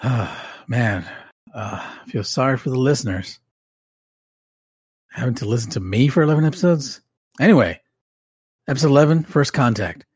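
A man's voice: mid-range voice, moderate pace, pauses often, a little mellow, slightly rough, no echo, clean studio sound. A man co-hosting a podcast, reading a recap aloud with wry joking asides. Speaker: podcast co-host.

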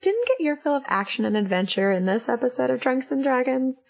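A woman's voice: high-pitched, sing-song, brisk, darkish tone. A woman reading a scripted, upbeat promotional outro for a podcast. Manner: upbeat, smooth promo delivery.

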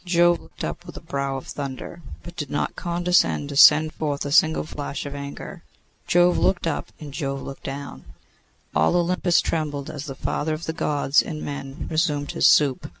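A man narrating a classic story aloud in a measured, expressive way. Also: on the high side, creaky.

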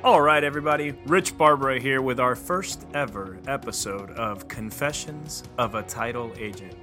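A man hosting his own podcast as a title attorney, venting and telling stories in a casual, animated monologue. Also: medium pitch, normal speed, faint music behind. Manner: animated storyteller, acts out voices.

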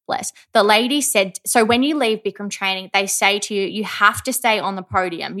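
A woman's voice: mid-range voice, pushed and bright. A young woman co-hosting a podcast, telling a story in chatty, casual talk with some swearing. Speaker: podcast co-host. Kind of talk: casual chat.

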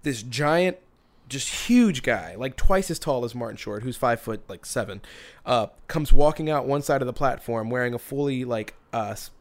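A man's voice: medium pitch, animated, moderate pace. A man on a podcast telling a story in casual chat, rambling with many restarts and bursts of laughter.

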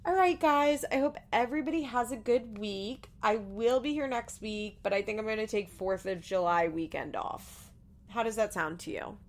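A woman's voice: a little high, normal speed. Chatty woman recapping a reality show. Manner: chatty, laughs often, acts out quotes. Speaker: podcast host. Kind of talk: casual TV episode recap.

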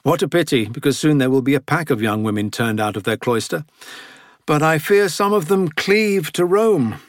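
A man lifting his voice into a wry older woman, once a nun, calm but sharp-tongued. She sounds higher than a man's usual speech, with a dry and even delivery. It is a close, dry studio sound, as in an audiobook. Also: moderate pace, dry recording, lightly acted. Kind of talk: audiobook character reading.

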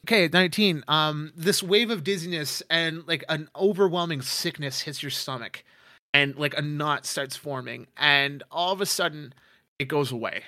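A man's voice: fairly high pitch, moderate pace, bright, forceful tone, dry recording, clean studio sound. A man narrating a tabletop game as game master, rambling with many fillers.

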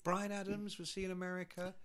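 A man's voice: high voice, completely flat delivery, a little fast, over a noisy crowd. A man telling a long backstage anecdote in casual chat, swearing freely and acting out the people in it. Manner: swearing storyteller who acts out voices. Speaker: podcast co-host.

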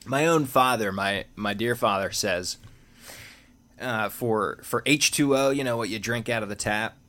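A man's voice: fairly low pitch, measured pace, sharp tone. A man from the Philadelphia area co-hosting a casual movie podcast, making dry, teasing asides. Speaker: podcast co-host.

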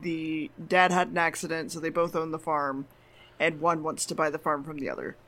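A man co-hosting a podcast in casual chat, mostly listening and cutting in with short replies and quick questions. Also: fairly high pitch, flat delivery, bright, forceful tone. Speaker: podcast co-host.

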